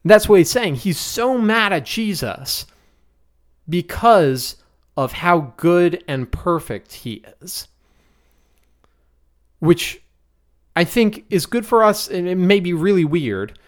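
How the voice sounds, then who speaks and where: A man hosting a podcast, teaching a Bible passage in a relaxed, conversational way with the odd chuckle. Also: high voice, slow pace, long pauses. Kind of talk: casual Bible study teaching.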